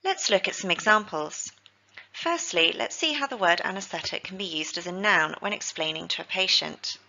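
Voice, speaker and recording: A woman, teaching healthcare vocabulary in a scripted lesson, with slow, careful pronunciation drills. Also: fairly low pitch, animated, creaky, bright, forceful tone, dull audio.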